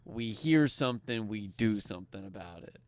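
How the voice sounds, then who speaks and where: A man's voice: on the low side, moderate pace, dry recording. A man from Kentucky, co-hosting a podcast, telling a story in casual talk and acting out the voices of the people in it. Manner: animated, acts out dialogue, grows loud when excited. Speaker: podcast co-host.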